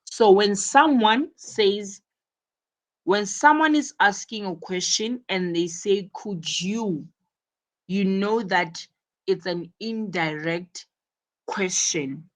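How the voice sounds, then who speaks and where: A woman's voice: mid-range voice, takes it slowly. A woman teaching an English lesson, explaining each point carefully and repeating words for emphasis. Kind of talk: classroom explanation.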